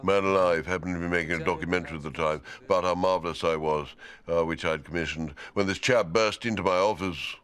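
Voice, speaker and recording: An actor playing a pompous, plummy older television executive reminiscing smugly. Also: male voice, low voice, fast, fairly bright tone.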